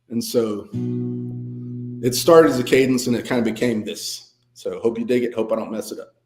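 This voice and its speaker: Faint music sits behind a man, a veteran and guest musician, as he rambles through stories in a relaxed, self-deprecating interview full of fillers. He talks a little fast in a slightly mellow, mid-range voice, and the room gives an echoey sound.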